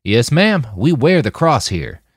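A man's voice: mid-range voice, very animated, measured pace, no room sound, clean studio sound, voice pushed up. A man voicing a polite, boyish young guard who speaks in a courteous drawl.

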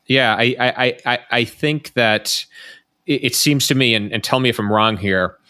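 Low-voiced earnest male podcast host. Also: pushed and bright, no echo, studio quality. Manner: earnest, repeats words when thinking. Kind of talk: podcast interview and ad read.

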